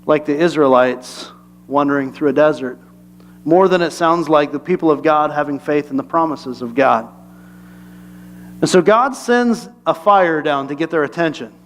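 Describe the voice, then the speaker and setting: A man's voice: fairly high pitch, moderate pace. A male pastor giving a conversational, humorous sermon and asking the congregation questions.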